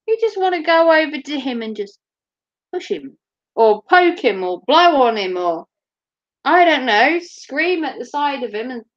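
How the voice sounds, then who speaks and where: A woman's voice: a little high, highs cut off. A woman chatting casually on her live stream, giggling often and swearing freely. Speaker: livestreamer.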